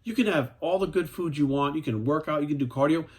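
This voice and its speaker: A man's voice: on the high side, fast, a little mellow. Forties male coach, blunt and profane, hammers his points home. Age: 40s. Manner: profane, emphatic, repeats "right?". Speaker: fitness coach. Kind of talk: blunt vlog rant.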